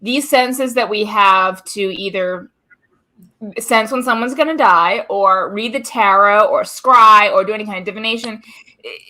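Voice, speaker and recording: A woman's voice: medium pitch, pushed and bright. A woman hosting a casual chat, blunt and swearing freely, and reading out viewer comments. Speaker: host.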